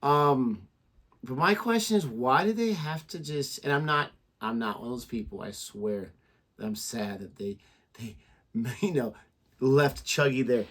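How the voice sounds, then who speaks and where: A man co-host thinks out loud in a musing, halting way. He keeps asking questions as he goes. His voice sits at a middle pitch for a man. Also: expressive. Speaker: reaction channel co-host. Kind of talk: casual chat.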